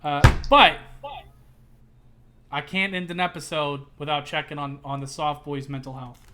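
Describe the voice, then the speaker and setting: A young man hosting a casual podcast chat, lively and often repeating himself as he talks. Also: a little high, normal speed. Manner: animated, repeats words, swears casually. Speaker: podcast host.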